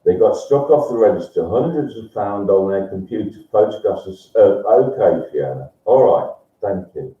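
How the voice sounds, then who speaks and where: A man's voice: on the low side, expressive, normal speed. Rambling man on a distant, roomy mic. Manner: swings into loud swearing rants, laughs a lot. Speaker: live-stream host. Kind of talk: rambling live-stream chat reading messages. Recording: roomy, distant, dull lo-fi sound.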